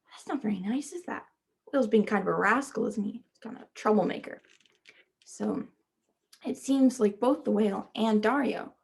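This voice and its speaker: A woman teacher reading a children's picture book aloud, stopping to gently ask her young listeners questions. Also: a little high, vocal fry, husky. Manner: speaks to children as "friends".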